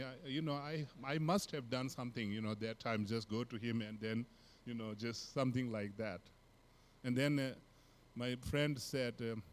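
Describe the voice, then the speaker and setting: A man with a Tibetan accent, a Buddhist teacher, telling a personal story in a relaxed, halting way with many fillers and soft laughs. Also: mid-range voice.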